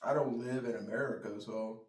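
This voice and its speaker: Man doing a mocking take on a carefree influencer guy, dismissive and low-key; roomy distant sound. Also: fairly even intonation, moderate pace, close to an everyday voice. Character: breezy male influencer dodging politics. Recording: roomy sound, mic far off.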